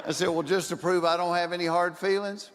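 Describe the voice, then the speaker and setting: A man doing stand-up, telling a long story and acting out the quoted lines, sometimes building to shouted punchlines. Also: high voice, little pitch movement, brisk, slight background noise. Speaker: stand-up comedian. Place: stage in front of a live audience. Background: audience laughter.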